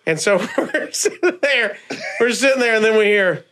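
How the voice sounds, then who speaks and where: A man's voice: sits high, normal speed. A man telling a long funny story on a podcast, acting out the people in it and laughing often. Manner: animated storyteller, acts out the people in his tale, laughs often. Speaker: podcast cast member and storyteller. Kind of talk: casual storytelling chat.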